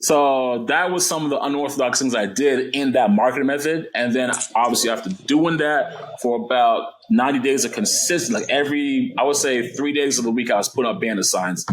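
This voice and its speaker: Guy telling his real estate stories on a podcast, animated, does the voices when he quotes people. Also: mid-range voice, a little fast, hardly any pauses, rough recording. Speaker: real estate investor guest. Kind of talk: casual storytelling interview.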